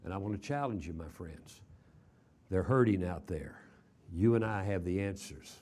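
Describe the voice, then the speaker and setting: Older Texan preacher, folksy storytelling. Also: male voice, low-pitched, lively intonation, moderate pace, darkish tone. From Texas. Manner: folksy, repeats words, many uh fillers. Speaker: traveling preacher. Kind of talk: chapel sermon with storytelling.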